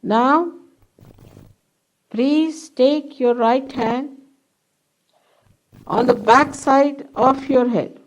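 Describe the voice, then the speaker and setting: An older woman leading a guided meditation at a public program, giving slow, deliberate instructions with long pauses. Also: sits high, low-quality recording. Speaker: meditation teacher. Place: public hall.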